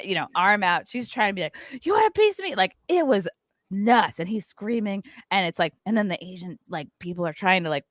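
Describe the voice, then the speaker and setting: A woman, hosting a podcast and telling a story in a lively chat, acting out the voices of the people in it. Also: fairly low pitch, no room sound. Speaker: podcast host.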